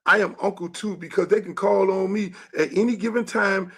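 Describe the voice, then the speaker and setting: A middle-aged man, hosting his show and ranting angrily about a coach in a profane monologue that rises into shouts. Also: high voice, steady tone, normal speed, breathy edge. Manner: angry, profane, rising to shouts. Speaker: show host and youth football coach. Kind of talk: heated monologue.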